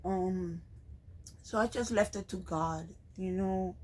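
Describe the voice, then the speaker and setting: A woman vlogger talking to the camera in a soft, heartfelt way, pausing often with ums and restarts. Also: fairly low pitch, rough recording. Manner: slow, hesitant, with frequent ums and restarts. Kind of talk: personal vlog talking to camera.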